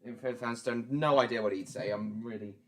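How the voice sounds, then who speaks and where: A man giving rambling, self-deprecating live reaction commentary, with halting restarts. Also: medium pitch. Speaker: streamer.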